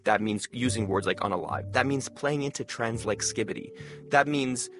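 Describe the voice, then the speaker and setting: A man who creates educational videos, talking fast and stressing many words in a casual interview. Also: medium pitch, music in the background.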